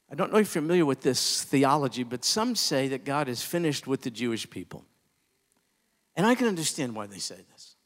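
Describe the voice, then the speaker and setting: A man preaching a sermon, impassioned, climbing to emphatic peaks and then dropping low and quiet. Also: big-room sound. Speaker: pastor.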